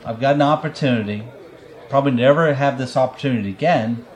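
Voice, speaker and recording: A man's voice: medium pitch, fast talker, darkish tone, some chatter behind. Profane rambling man telling a story. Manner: rambling, profane, laughs often. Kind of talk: casual storytelling chat.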